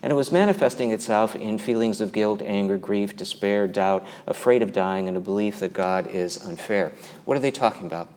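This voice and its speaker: A man's voice: fairly low pitch, brisk, a little mellow. Earnest man speaking in a reverberant hall. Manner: earnest, quotes people he interviewed. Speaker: conference speaker on abuse. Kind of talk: conference talk with retold stories.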